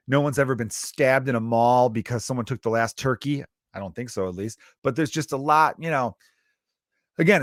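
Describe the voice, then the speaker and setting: A man's voice: medium pitch, no echo, studio quality. A male comedian hosting a podcast, ranting comically with lots of swearing and mock voices.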